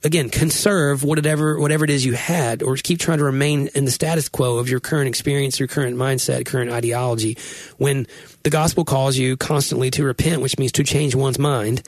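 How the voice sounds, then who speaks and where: A pastor talks through his thoughts on his podcast, earnest and reflective, often restarting his sentences. His voice has a husky edge. The sound is dry and close. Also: medium pitch, steady tone, brisk, no echo. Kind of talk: casual podcast conversation.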